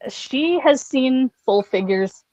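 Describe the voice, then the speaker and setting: A woman telling stories as a guest in a casual podcast chat, animated and full of "like". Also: sits high, slow, no echo, dull audio.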